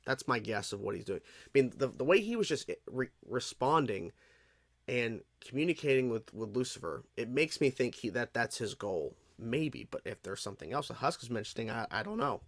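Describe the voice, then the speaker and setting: A man's voice: medium pitch, sing-song, moderate pace, dry recording. A man hosting a reaction video, commenting casually in a rambling way. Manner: rambling, many fillers and restarts.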